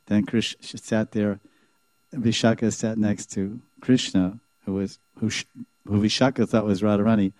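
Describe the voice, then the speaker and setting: Guy telling a religious story, lowish mellow voice, animated, chuckles a lot. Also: moderate pace, dry recording. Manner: animated, chuckling, acts out the dialogue. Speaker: devotional storyteller. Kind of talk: sermon storytelling.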